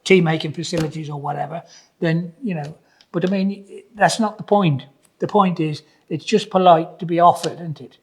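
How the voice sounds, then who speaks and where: Husky older builder telling stories. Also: male voice, on the high side, normal speed. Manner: rambling storyteller, many restarts and "you know"s. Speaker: podcast co-host, builder. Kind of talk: casual chat.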